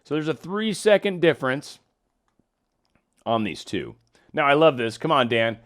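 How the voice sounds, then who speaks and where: A man's voice: fairly high pitch, very animated, unhurried, fairly bright tone. A man talking through political news in casual solo commentary, with wry asides, reading documents aloud as he goes.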